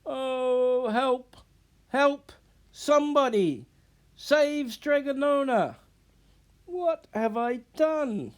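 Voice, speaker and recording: A man's voice: high voice, takes it slowly, darkish tone, pitched above the performer's own voice. A man reading a storybook aloud, voicing a clumsy young man disguised as a girl, pleading and wailing. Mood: frantic.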